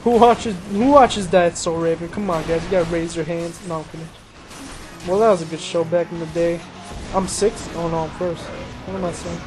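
A man's voice: a little high, normal speed, poor audio. A young man rambling casually while commentating his racing game playthrough, joking about himself and exclaiming at the action. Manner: rambling, self-mocking, easily excited exclamations. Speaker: gameplay commentator. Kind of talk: casual let's-play commentary. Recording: game music and engine noise behind. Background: racing game music and car sounds.

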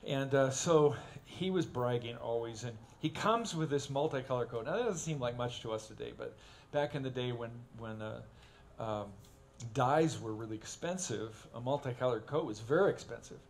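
A man preaching from the pulpit in a relaxed, folksy way, his voice sitting at an ordinary middle pitch. He breaks into funny stories and acts out the people in them with growing energy. A faint hum of the church is audible behind him. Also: normal speed. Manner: folksy, animated when acting out stories. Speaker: pastor. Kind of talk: sermon with humorous storytelling. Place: church sanctuary.

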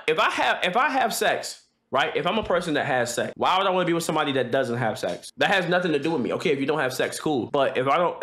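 A man livestreaming, ranting loudly and profanely in casual talk, joking and laughing. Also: mid-range voice, echoey room. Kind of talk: casual stream rant.

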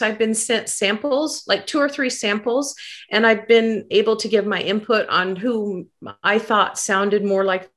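A woman's voice: mid-range voice, a bit bright. Chatty woman on a video call. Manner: chatty, upbeat, halting with fillers and restarts. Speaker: guest author. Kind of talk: casual chat on a video call.

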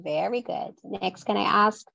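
A woman teaching English online, slowly modelling sounds and words for her class to repeat. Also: medium pitch, fairly bright tone, dry recording, dull audio. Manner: slow, clearly modelling each sound and word for repetition. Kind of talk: online pronunciation drill.

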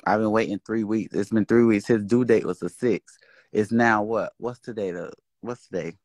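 A man's voice: on the low side, steady tone, normal speed, a little mellow, dry recording. A man venting and swearing on a casual livestream. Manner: venting, exasperated, swears freely. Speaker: social media host. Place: indoors, livestream.

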